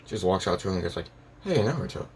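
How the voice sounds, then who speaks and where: A man with a deep, low voice narrates a made-up fan story off the cuff. He rambles, circles back and fills the gaps with "and yeah", over a faint background hiss. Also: flat delivery, rapid-fire. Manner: rambling, full of "and yeah" fillers and restarts.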